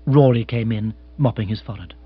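A man narrating an audiobook in an expressive, measured way. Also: on the low side, slightly rough. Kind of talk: scripted narration. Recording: dry, slightly dull audiobook.

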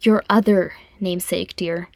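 A woman reading a fond, teasing older female dwarf, with a gentle, amused manner. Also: lowish voice, steady tone, unhurried, creaky. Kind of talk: audiobook fan fiction reading.

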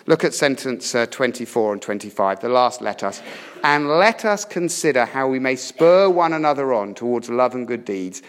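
A man preaching a sermon, telling a story emphatically and swinging between loud urging and hushed tones. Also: mid-range voice. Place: church. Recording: reverberant church hall.

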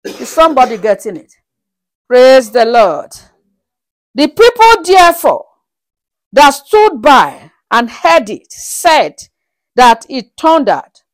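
A woman's voice: sits high, slow pace, pauses often. A woman preaching a sermon, reading Bible verses aloud and asking the congregation again and again whether they are following, with bursts of laughter and praise between verses. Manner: animated, with frequent rhetorical checks on the congregation.

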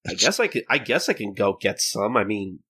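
A man voicing a lazy, grumbling male samurai with a deadpan complaining manner. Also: lowish voice, fairly quick, husky, full character voice.

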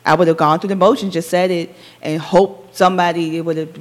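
A woman co-hosting a casual chat, talking candidly and with lots of swearing, animated as she tells stories. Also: lowish voice, a little fast. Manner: candid, profane, animated storytelling. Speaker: podcast co-host.

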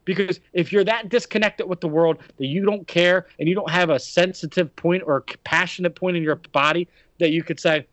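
A man's voice: high voice, fairly even intonation, brisk, a bit bright, no echo. A man hosting a podcast, ranting indignantly and firing off rhetorical questions. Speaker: podcast host. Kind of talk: heated podcast discussion. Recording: dry, dull lo-fi sound.

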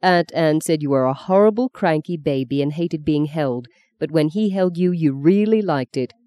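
A woman doing a gentle, teasing young man. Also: low-pitched, normal speed, no room sound, natural voice. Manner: calm, good-humoured teasing.

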